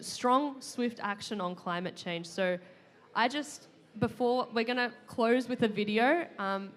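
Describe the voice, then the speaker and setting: A young woman giving heartfelt closing remarks as a panel moderator, with many fillers and restarts. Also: medium pitch. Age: young adult. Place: conference pavilion at a climate summit.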